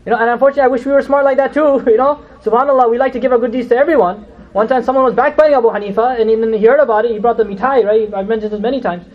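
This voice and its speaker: A high-pitched man tells sermon stories at a quick clip. He is animated and acts out his quotes, and he keeps checking in with "you know?". The recording sounds dull and lo-fi. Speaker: religious lecturer. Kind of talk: storytelling sermon.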